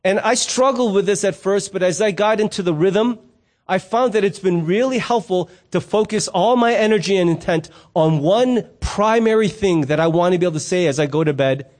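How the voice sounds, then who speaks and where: A middle-aged man delivers a sermon in a relaxed, conversational way. His voice sits high and light for a man. He slips into stories and playful asides as he teaches. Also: moderate pace. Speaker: pastor.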